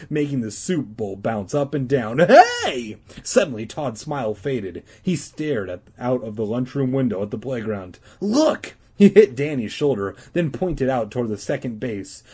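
A man's voice: mid-range voice, mellow, breathy edge. A man casually reading a children's book aloud, irreverent, stumbling and correcting himself. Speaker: reader.

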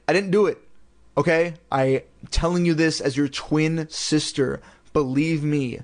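A man voicing a sarcastic teenage girl who protests loudly and whines when accused. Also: on the high side. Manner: whiny, exaggerated protesting.

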